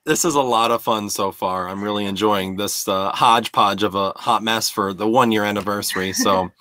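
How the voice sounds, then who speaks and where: A man's voice: lowish voice, normal speed, pushed and bright, poor audio. A man hosting a live developer stream, upbeat and joking over a video call. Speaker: host. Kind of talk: casual live-stream chat.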